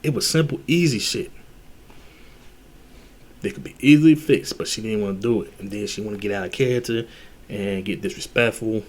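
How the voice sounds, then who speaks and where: A man's voice: fairly low pitch, fast. Blunt, slangy man ranting casually. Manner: blunt, heavy slang and cursing, repeats himself. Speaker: vlogger giving dating advice. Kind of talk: casual monologue to camera.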